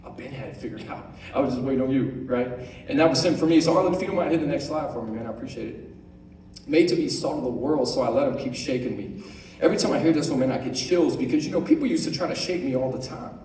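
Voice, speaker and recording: A man's voice: medium pitch, a little mellow, slight background noise. Man preaching to a youth group. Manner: conversational, keeps asking "right?", quotes scripture slowly. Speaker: youth pastor. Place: large room on stage. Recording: echoey room, voice from far off.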